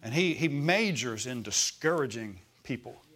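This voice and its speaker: A man preaches at a middle pitch, easy and conversational. He keeps checking in with his listeners, asking questions as he goes. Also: expressive, moderate pace, fairly bright tone. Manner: acts out voices in quotes. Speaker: pastor. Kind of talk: sermon.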